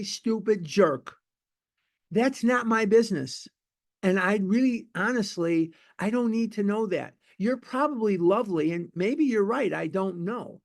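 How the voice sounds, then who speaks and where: A man teaching a recovery book study in an informal, emphatic and repetitive conversational way. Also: sits high.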